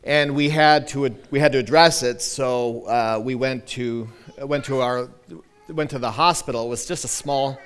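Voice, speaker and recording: A man in his thirties, a pastor, telling a personal story in a sermon with animated, self-deprecating humor and many restarts. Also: mid-range voice, normal speed, clean tone.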